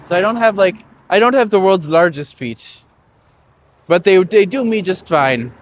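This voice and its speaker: A man's voice: high voice, expressive, moderate pace, a little hiss or hum. A man from Canada, a tour guide, chatting and joking while walking uphill outdoors. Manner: joking and chatty, laughs often. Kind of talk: casual chat while walking.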